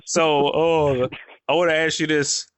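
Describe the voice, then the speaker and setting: A man's voice: on the high side, little pitch movement, measured pace. A man hosting a podcast, talking in a blunt, questioning way and often repeating himself. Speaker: podcast host. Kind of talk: casual podcast conversation.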